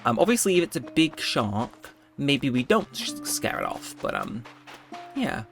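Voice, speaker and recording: A man giving chatty, rambling gameplay commentary, easily excited. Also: medium pitch, unhurried, gravelly, soft background music. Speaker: gaming video host.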